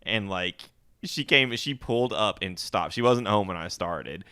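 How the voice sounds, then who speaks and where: A man with a low but very lively voice, bright and forceful in tone. He tells stories in a casual, profane podcast chat, recorded close and dry. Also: a little slow, clear, resonant tone, dry recording. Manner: laid-back storyteller, swears freely. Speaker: podcast co-host.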